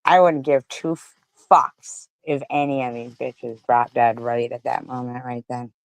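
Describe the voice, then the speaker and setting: A woman giving angry live-stream commentary, ranting furiously and profanely, swinging between loud outbursts and low mutters. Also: steady tone, a little slow, no room sound.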